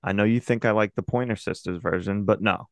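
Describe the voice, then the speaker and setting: A young man co-hosts a chatty podcast, reading listener emails with a joking, easygoing manner. His voice sits on the lower side with a gravelly edge. The sound is dry and close to the mic. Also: steady tone, a little fast, no echo. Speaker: podcast co-host.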